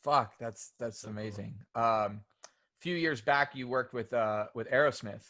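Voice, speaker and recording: A man's voice: medium pitch, normal speed, bright, forceful tone. A man hosting a casual podcast interview, asking loose questions, swearing freely and reacting with short replies. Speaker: podcast host.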